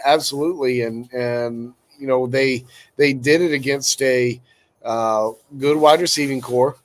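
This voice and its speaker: Man giving a measured football breakdown. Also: medium pitch. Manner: measured, with many fillers. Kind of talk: casual sports analysis.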